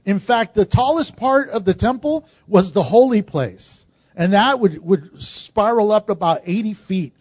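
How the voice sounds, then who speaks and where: A man's voice: high-pitched, expressive, unhurried, darkish tone, dry recording, dull audio. A man preaching a sermon, telling the story with animation and asking the audience questions. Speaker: pastor.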